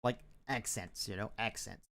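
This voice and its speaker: A man's voice: lowish voice, moderate pace, creaky, a bit bright. A man from Malaysia chatting casually on an art stream, rambling with many restarts. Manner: rambling, many restarts and fillers, chuckles often.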